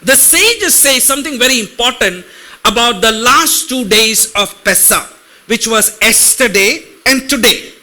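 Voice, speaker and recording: A man preaches to his congregation in a very high, strikingly bright voice. He keeps asking the people in front of him questions and slows right down to sound out Hebrew words. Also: animated. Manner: talks directly to congregation with questions; reads Hebrew words slowly. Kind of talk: sermon teaching.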